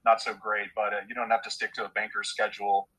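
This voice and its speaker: A man answering questions as a podcast guest about his photography business, relaxed and matter-of-fact. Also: lowish voice, fast talker, breathy edge, poor audio. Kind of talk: casual interview answers.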